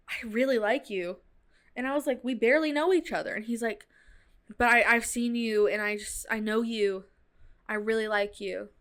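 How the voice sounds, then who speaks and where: A young woman with a lilt tells a story from her own life in loose, chatty podcast talk, full of "like" and "dude." Her voice sits a bit higher than most women's. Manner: chatty, animated retelling with fillers like "like" and "dude". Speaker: podcast host. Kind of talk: casual storytelling.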